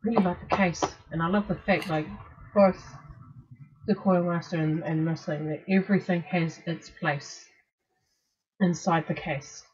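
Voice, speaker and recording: Laid-back lady cohost, bit husky, muffled lo-fi sound, lots of ums. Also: on the low side, fairly even intonation, measured pace, darkish tone. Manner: easygoing, trails off with fillers and little laughs. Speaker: co-host of a vaping show. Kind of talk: casual sign-off chat. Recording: dull lo-fi sound.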